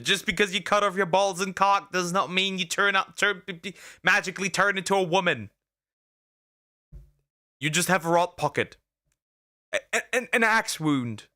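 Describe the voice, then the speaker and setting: A man's voice: high voice, bright, forceful tone. A man streaming as a vtuber, giving blunt, mocking reaction commentary and often stumbling over and repeating his words.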